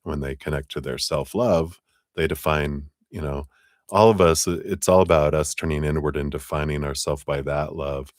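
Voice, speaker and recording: A man talking through a live tarot reading, animated, with frequent fillers and laughs. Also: moderate pace, no echo, clean studio sound. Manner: animated, acts out quoted voices with big pitch jumps; laughs often, many fillers. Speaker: tarot reader. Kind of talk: live-streamed reading talk.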